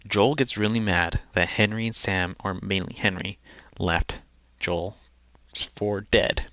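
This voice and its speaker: A man with a fairly low voice talks through a video game as he plays it. His commentary rambles, breaking off and restarting mid-sentence as he thinks aloud. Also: steady tone, a little slow, bright, forceful tone, no room sound. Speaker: gaming video host. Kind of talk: let's play commentary.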